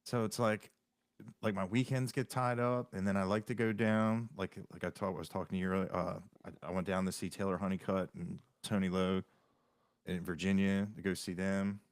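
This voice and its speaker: A man's voice: sits low, steady tone, normal speed, dry recording, clean studio sound. A man hosting a podcast in casual chat, chatty and full of fillers. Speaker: podcast host.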